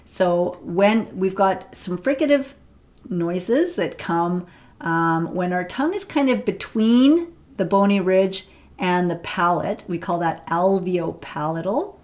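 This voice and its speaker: A woman leads a pronunciation lesson in a slow, deliberate way, pausing to demonstrate each sound and checking in with her viewers. Her voice sits a little low. She speaks indoors, close to the camera. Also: a little mellow. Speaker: pronunciation teacher.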